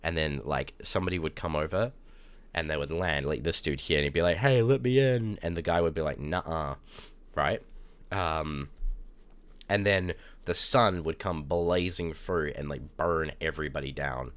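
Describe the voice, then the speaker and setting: Low-voiced young guy streaming, rambly stories, yells and swears at chat sometimes. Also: normal speed. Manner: animated, with loud cursing outbursts and rambling anecdotes. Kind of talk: casual live-stream chat. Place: indoors at a streaming setup.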